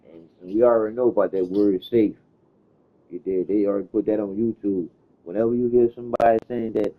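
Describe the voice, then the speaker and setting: A man's voice: on the low side, steady tone, quick pace. Man with a tinny phone-line sound. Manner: loose storytelling with slang and cursing. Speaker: host. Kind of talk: casual chat.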